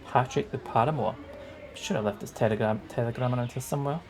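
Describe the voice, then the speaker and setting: A man's voice: mid-range voice, quick pace, gravelly, a little hiss or hum, close to an everyday voice. A man voicing a dreamy, self-absorbed young man in a 1920s story, speaking wistfully and theatrically.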